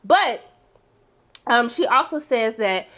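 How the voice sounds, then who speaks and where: Woman, casual recap host, high voice, animated, talkative, filler-heavy. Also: slow pace. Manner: chatty, heavy use of "like" and "um"; animated, breaks into excited high exclamations. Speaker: TV series review host.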